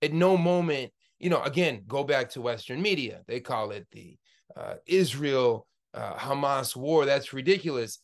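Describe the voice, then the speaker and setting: A man's voice: mid-range voice, animated, moderate pace. 40s guy lecturing an online class on a video call, fired up, lots of ums and restarts, normal mid voice. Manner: impassioned, rambling with many fillers and restarts. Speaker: class instructor and organizer.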